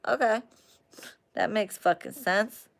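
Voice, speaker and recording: A woman hosting a casual live chat with viewers, ranting in an animated, heavily profane way. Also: mid-range voice, takes it slowly, vocal fry. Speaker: live stream host chatting with viewers.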